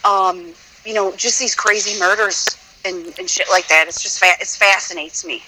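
A woman's voice: lowish voice, fairly even intonation, moderate pace, crowd noise, poor audio. A woman from Illinois calling in to a casual chat and telling a story in a rambling, meandering way. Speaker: caller.

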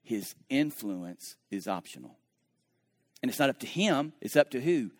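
A man who is a pastor, preaching a sermon and telling a story, moving between hushed, slow moments and lively, animated stretches. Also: medium pitch, dry recording, studio quality.

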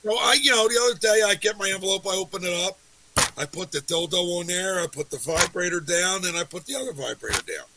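A man's voice: high voice, animated, quick pace, bright, forceful tone, slight background noise, poor audio. A man telling raunchy anecdotes in casual podcast banter, acting out the quotes. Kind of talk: crude storytelling.

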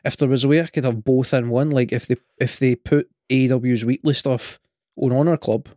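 A man's voice: mid-range voice, steady tone, fairly quick, dark tone, no echo. Rambling Scottish man, dry close sound. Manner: rambling, hesitant, with many fillers and restarts. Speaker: podcast co-host. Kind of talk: casual chat.

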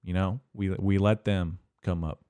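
A man's voice: low-pitched, steady tone, unhurried, warm tone, clear, resonant tone, no echo, studio quality. A man hosting a casual solo podcast, rambling and swearing heavily as he rants, full of fillers and restarts. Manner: profane, rambling, heavy swearing; filler-heavy, restarts often. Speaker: podcast host.

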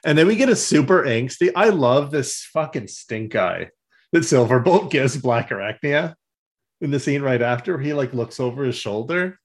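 A man's voice: mid-range voice, animated, moderate pace. A man co-hosting a podcast who jokes, swears freely and laughs often. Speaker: podcast co-host. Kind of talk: casual chat.

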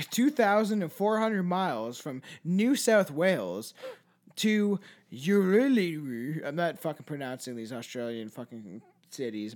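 High, lively-voiced man swearing casually. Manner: profane, loose and joking, stumbles over names. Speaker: podcast host. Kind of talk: casual chat, reading out news stories.

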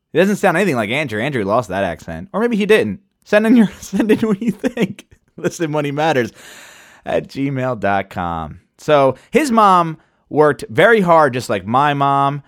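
A man hosts his podcast in a loose, chatty manner while sipping wine, his voice swinging freely up and down. The sound is dry and close with no room around it. His pitch sits in an ordinary middle range. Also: no echo. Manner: animated, chatty, loose and profane. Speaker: podcast host. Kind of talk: casual chat.

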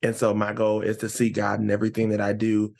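A man as a guest on a casual podcast interview, upbeat and excitable, his pitch jumping up when he gets animated. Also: quick pace, vocal fry.

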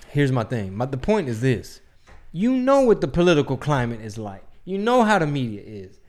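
A man co-hosting a casual podcast chat, animated and joking, often dropping into mock voices to quote people. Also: on the high side, normal speed. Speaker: podcast co-host.

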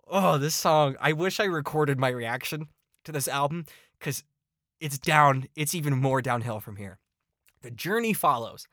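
A man's voice: medium pitch, measured pace, a bit bright, no room sound, studio quality. A man hosting a podcast and giving a casual album review. He talks bluntly and swears a lot, and his exasperation comes out in repeated complaints. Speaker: podcast host.

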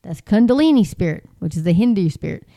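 A woman's voice: on the low side, expressive, quick pace, creaky, warm tone. A woman talking in a casual, rambling way, full of fillers and restarts, sounding exasperated and incredulous. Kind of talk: casual commentary.

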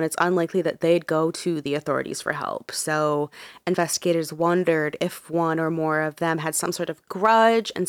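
Chatty low-voiced woman, sick. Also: clean tone, dry recording. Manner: chatty, laughs often, says "like" a lot. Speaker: podcast host. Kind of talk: casual true crime storytelling.

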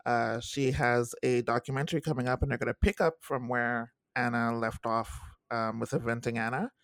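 A young man chatting casually on a podcast, lively and quick to act out what people said. His voice has a gravelly fry, recorded dry and close with no room around it. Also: no room sound. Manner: animated, acts out quotes in high voices. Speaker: podcast co-host. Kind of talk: casual chat reviewing a TV series.

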